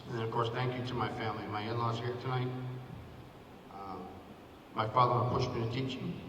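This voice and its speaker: A man's voice: medium pitch, steady tone, fairly quick, lo-fi sound, a crowd in the background. A man in his fifties, a former athletic director, giving a sentimental hall of fame acceptance speech and thanking many people by name. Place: school gym at a ceremony. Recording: echoey gym, picked up from far off, noisy.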